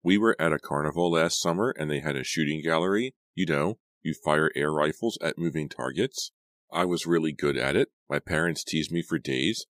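Deep-voiced guy doing a bold thoughtful teen girl, audiobook style. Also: normal speed, a bit bright, dry recording. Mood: matter-of-fact. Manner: challenging yet thoughtful.

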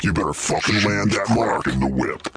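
A man voicing a deep-voiced male movie trailer announcer in a mock trailer. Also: animated, moderate pace, creaky, fairly bright tone, faint music behind, exaggerated voice. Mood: booming.

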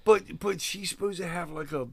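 A man's voice: high voice, moderate pace. A man co-hosting a film podcast, joking around and swearing in casual chat. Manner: animated, profane, joking riffs. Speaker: podcast co-host.

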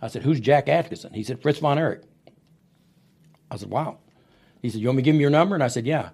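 A middle-aged man with a gravelly, low-middle voice, spinning long anecdotes in a studio interview. He slips into the voices of the people he quotes as the stories roll on. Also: fast talker. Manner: animated storyteller who acts out quoted voices. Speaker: wrestling booker and promoter, podcast guest. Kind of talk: storytelling interview. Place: podcast studio.

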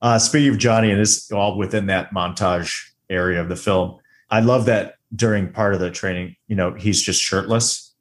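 A man with a fairly low voice co-hosts a casual movie podcast. He talks in a loose, joking way and slips into little acted-out quotes as he breaks down scenes. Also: moderate pace. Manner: animated, joking, acts out quotes. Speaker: podcast co-host. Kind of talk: casual film review chat.

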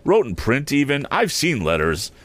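A kindly, simple village blacksmith coaxes and reassures in slow, homely country speech, as a man reading a storybook puts him on. His voice rises and dips in wide, lively turns. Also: medium pitch, no room sound, pitched above the performer's own voice. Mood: gently reassuring. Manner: rustic dialect, slow and homely.

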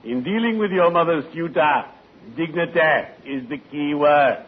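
Pompous, wisecracking neighbor. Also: male voice, a little high, animated, normal speed, husky. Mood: smug. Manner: pompous and wordy, with dry wisecracks. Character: pompous, scheming male neighbor. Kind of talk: 1940s radio comedy acting. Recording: tinny old radio broadcast with faint hiss.

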